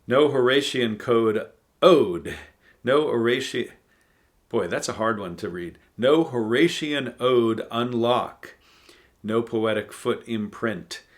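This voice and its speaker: A man reading poems aloud and talking them through in a thoughtful, musing way, pausing often with ums and uhs. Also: lowish voice. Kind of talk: casual poetry reading and commentary.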